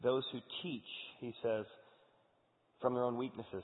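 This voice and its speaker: A man's voice: mid-range voice, flat delivery, a little slow. Man, pastor, earnest conversational sermon, echoey hall, tinny phone-like sound.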